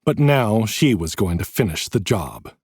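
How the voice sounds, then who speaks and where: A man reading a fantasy audiobook in dramatic, expressive narration. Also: fairly low pitch, measured pace, slightly rough, dry recording, studio quality.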